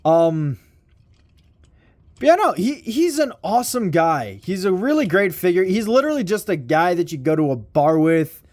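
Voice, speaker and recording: A man's voice: sits high, a little mellow, no room sound, clean studio sound. A young man casually reviewing a toy in a rambling, slangy vlog style with mild swearing.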